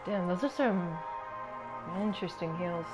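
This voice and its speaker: A woman's voice: fairly low pitch, expressive, unhurried. A woman streaming a video game, giving playful, chatty, self-mocking commentary. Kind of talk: casual gameplay commentary. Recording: faint game music behind.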